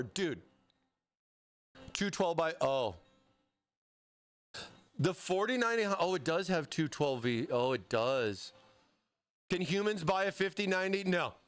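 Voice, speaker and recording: An American man with a high, fairly bright voice hosts a casual live stream, building a PC while chatting with viewers. He often breaks off mid-sentence to respond to chat.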